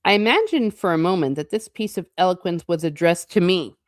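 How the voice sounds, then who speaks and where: A woman hosting a show, reading a classic novel aloud slowly and deliberately, then breaking off into chatty, amused asides. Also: on the low side, lively intonation, dry recording, clean studio sound. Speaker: host.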